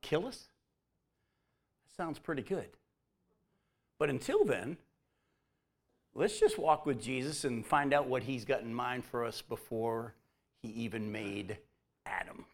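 A man giving a conversational sermon who acts out the quotes and drops to a soft voice near the end. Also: mid-range voice, lively intonation, unhurried, creaky, long pauses. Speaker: preacher.

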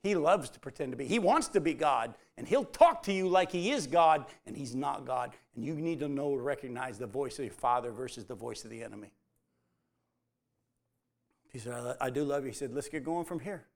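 A man's voice: medium pitch, expressive, normal speed, creaky. A man preaching a sermon, telling the story and acting out the quoted lines as dialogue.

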